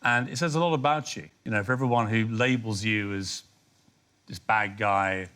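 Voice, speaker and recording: A man's voice: fairly low pitch, moderate pace, sharp tone, smooth. A man hosting a TV interview, putting pointed, probing questions to his guest in a studio. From England. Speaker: interviewer host. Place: television studio.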